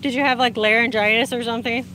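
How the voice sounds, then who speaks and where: Chatty woman with a higher voice. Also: steady tone, fast talker, a little hiss or hum. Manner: chatty, warm greetings, frequent laughs. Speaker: livestream host reading viewer comments. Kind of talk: casual live chat. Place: outdoors in sunlight. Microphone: phone.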